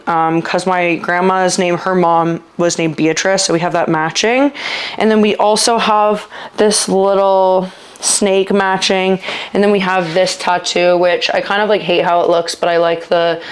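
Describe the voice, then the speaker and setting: A woman vlogger telling a personal story in casual chat, rambling with lots of filler words and sometimes halting and trailing off. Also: fairly low pitch. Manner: halting, trailing off when upset.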